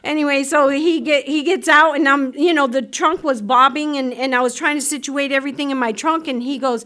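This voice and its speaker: A woman speaking at a recovery meeting, telling her story in a lively way, acting out voices and laughing often. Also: high voice, fairly quick, few pauses. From United States. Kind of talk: personal recovery talk. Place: meeting room.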